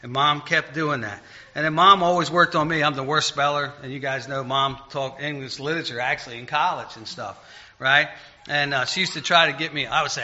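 A man delivers a casual, folksy sermon, wandering through stories about himself. His voice is very bright and sits a little high. He slows down for the scripture he reads, and the recording sounds dull and lo-fi. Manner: folksy, rambling, self-deprecating, reads scripture slowly. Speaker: lay preacher. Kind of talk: informal sermon.

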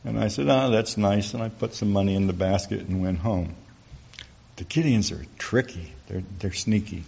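A middle-aged man gives a folksy church testimony to an audience, acting out the dialogue of the people he quotes. His voice is on the low side, darkish and slightly rough with vocal fry, at a moderate pace, on a dull lo-fi recording.

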